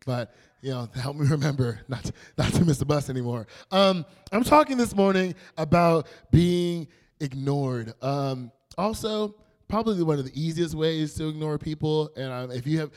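Playful young man preaching to youth. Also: fairly high pitch. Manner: animated, playful storytelling with acted quotes. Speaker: youth pastor. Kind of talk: casual youth sermon.

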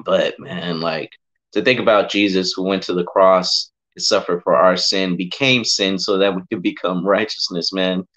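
A man's voice: low voice, steady tone, moderate pace, a bit bright. A man sharing his faith testimony in a casual podcast chat, heartfelt and emotional, often saying bro and man. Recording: muffled lo-fi audio.

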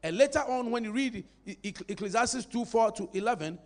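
Very high-pitched man, lively preacher, teasing and rousing his congregation. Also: fairly quick. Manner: animated, playful, calls for congregation response. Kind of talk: sermon.

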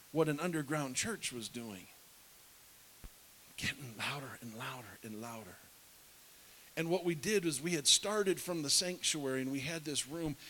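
A man's voice: a little high, bright, forceful tone, low-quality recording. A middle-aged man preaching, telling a story with animation and dropping to a whisper to act out scenes. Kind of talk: sermon storytelling. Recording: faint hiss.

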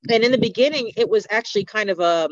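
A woman's voice: medium pitch, quick pace, no room sound. A woman speaking as a podcast guest in a candid conversation, earnest, open and reflective. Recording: dull lo-fi podcast audio.

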